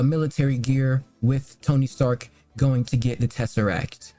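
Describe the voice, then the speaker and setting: A man's voice: medium pitch, warm tone. A young man reviewing films in a loose, rambling casual chat, full of fillers and swearing. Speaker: movie reviewer.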